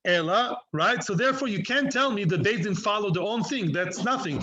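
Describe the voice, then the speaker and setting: A man teaching a Talmud lecture, lively and full of rhetorical questions, mixing Hebrew and Aramaic terms into his English. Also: high voice, brisk, few pauses, muffled recording.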